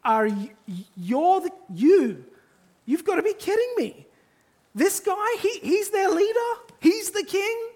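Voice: very high-pitched, big pitch swings, a little slow, darkish tone, pitched above the performer's own voice, exaggerated voice. A preacher acting out a Roman governor who scoffs in disbelief, stammering and mocking. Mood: scoffing.

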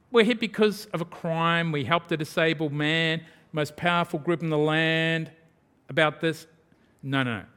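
A man preaching a sermon and retelling a Bible story, acting out the voices of the people in it. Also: fairly high pitch. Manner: animated storytelling, acting out voices of biblical figures.

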